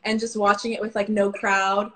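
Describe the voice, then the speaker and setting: A young woman hosting a casual interview, chatty and quick to laugh. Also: mid-range voice, flat delivery, a bit bright, low-quality recording. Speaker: host.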